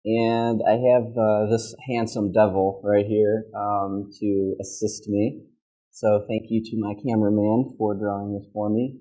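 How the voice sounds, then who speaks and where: Slow, mellow Midwestern American teacher. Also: male voice, lowish voice, rough recording. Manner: patient, checks in with "okay?" constantly; demonstrates sounds by modeling words aloud. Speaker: pronunciation teacher. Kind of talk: classroom lesson.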